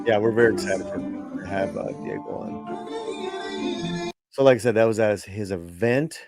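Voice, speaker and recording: A man's voice: on the low side, a little fast, loud music behind the voice. A man hosting a casual talk show, chatting enthusiastically and loosely. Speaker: podcast host.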